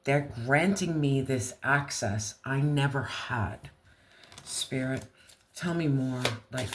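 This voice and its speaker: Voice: mid-range voice, noisy background. A tarot reader giving a casual reading, talking straight to the viewer in blunt slang and swearing freely. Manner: speaks slowly, talks straight to viewer.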